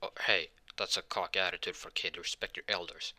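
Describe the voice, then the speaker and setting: A man's voice: sits low, steady tone, fast talker, pushed and bright, exaggerated voice. A man voicing a fierce, hot-tempered woman warrior in a retold fan story, in a brash, defiant way.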